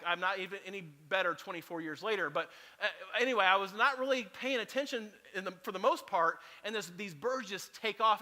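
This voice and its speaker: A man in his forties, a pastor delivering a sermon and telling a funny story in an animated way. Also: high-pitched, big-room sound. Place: church auditorium.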